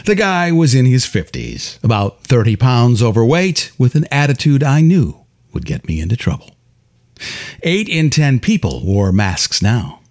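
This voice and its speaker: A man reading his own detective story aloud in a wry, deadpan first-person style. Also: medium pitch, measured pace. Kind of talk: audiobook narration.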